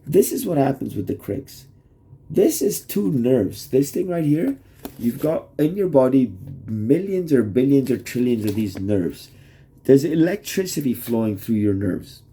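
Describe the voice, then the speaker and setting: A man's voice: medium pitch, sing-song, a little slow, warm tone, slightly rough. A man rambling in a casual vlog monologue to the camera, swearing and restarting his sentences as he goes. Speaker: vlogger. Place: Toronto area.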